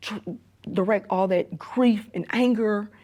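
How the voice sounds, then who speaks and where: Middle-aged woman, hushed halting testimony. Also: mid-range voice. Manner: halting, repetitive retelling, often sinking to a hushed near-whisper. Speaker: emergency room nurse and grieving mother. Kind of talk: personal testimony in a documentary interview.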